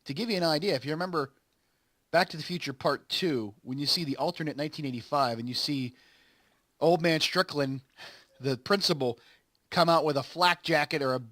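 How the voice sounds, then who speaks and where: A man's voice: on the high side, a bit bright, dry recording. A man hosting a gaming channel, casually and ramblingly retelling a story, quoting lines as he goes. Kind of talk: casual recap while playing a game.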